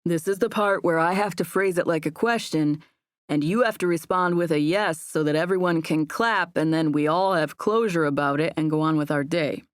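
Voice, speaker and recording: Woman doing a chill young guy, dry teasing, a bit low. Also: normal speed, dry recording, natural voice. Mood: playful. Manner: dry, matter-of-fact teasing. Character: laid-back young man, teasing fiancé.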